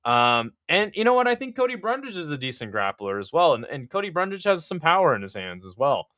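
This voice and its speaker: Bright, crisp-voiced man chatting casually. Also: fairly high pitch, sing-song, a little fast, dry recording. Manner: loose, profane, thinks aloud with many fillers. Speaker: podcast host giving fight picks. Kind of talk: casual live-stream chat.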